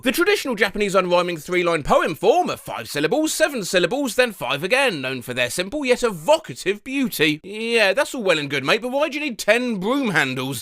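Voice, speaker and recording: A man narrating a comedy video, reading out messages and reacting to them in an animated way. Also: high-pitched. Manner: animated, puts on voices for read-out messages.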